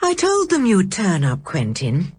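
A woman's voice: mid-range voice, huge pitch swings, moderate pace, husky, no echo. Woman reading as a fussing, caring storybook aunt. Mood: worried. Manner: gentle and reproachful.

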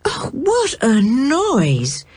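A woman's voice: high voice, wildly swooping pitch, extremely slow, a little mellow, breathy edge, voice pushed up, exaggerated voice. A woman reading a storybook, voicing a fussy, fretful middle-aged mother.

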